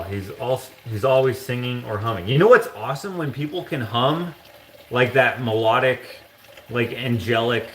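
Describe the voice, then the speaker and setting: A man's voice: fairly bright tone, reverberant, a little hiss or hum. A man hosting a live stream, chatting casually and reading out viewer comments with jokey asides. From Canada. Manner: rambling, jokey, mock-sings in a high voice. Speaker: livestream host.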